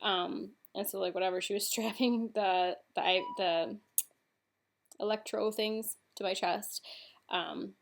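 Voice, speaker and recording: A woman's voice: medium pitch, fairly even intonation, creaky, a little hiss or hum. A young woman casually telling a personal story in a vlog, chatty and full of fillers. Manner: chatty, frequent fillers and "like", recounts in quick sequence. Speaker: vlogger.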